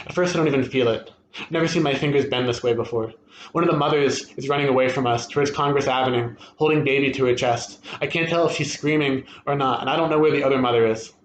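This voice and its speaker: A man reading a first-person short story aloud at a literary event, steady and expressive. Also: medium pitch, fast talker, a little hiss or hum. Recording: echoey room with faint ambience.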